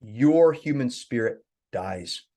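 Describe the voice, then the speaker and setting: Man, life coach, animated storytelling, lively voice, podcast guest. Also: mid-range voice, slow.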